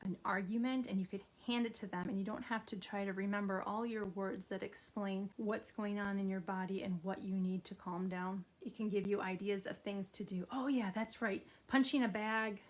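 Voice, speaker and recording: A middle-aged woman teaching an art therapy activity, her voice gentle and encouraging. She speaks to the viewer directly as she draws, at an ordinary middle pitch. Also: flat delivery, normal speed, few pauses. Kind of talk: instructional art therapy video.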